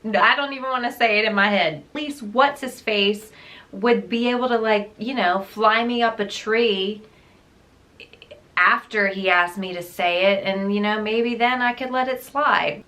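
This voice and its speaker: A woman's voice: mid-range voice, unhurried, pushed and bright. A woman reviewing books in a casual, emphatic rant, often breaking into laughter. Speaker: book reviewer. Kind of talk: casual ranting book wrap-up.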